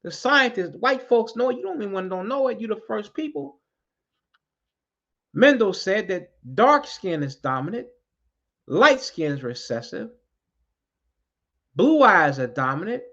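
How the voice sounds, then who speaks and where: A man's voice: high-pitched, very animated, measured pace, vocal fry, pauses often, a bit bright. A man giving an impassioned address to his community, preaching bluntly, swearing freely and repeating key lines for emphasis. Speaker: community activist addressing street groups. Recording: dull lo-fi recording.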